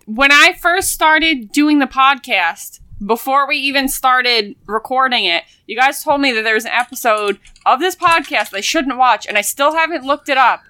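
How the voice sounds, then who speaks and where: A giggly woman co-host chatting on a podcast, her voice bright and a little higher than most. The sound is dry and close. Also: normal speed, few pauses, clear, resonant tone, no echo. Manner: giggly, animated. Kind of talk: casual podcast chat.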